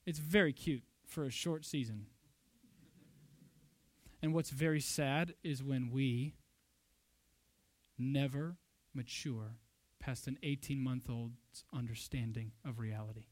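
A man's voice: mid-range voice, slow pace, long pauses, no echo. A pastor preaching a sermon, emphatic and fond of rhetorical questions, a father of young children. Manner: emphatic, rhetorical questions, loud bursts when quoting.

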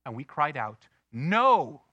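A married man preaching a sermon, swinging from loud outbursts to hushed, slow emphasis. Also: fairly high pitch, expressive, no room sound, highs cut off. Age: adult, married. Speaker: pastor.

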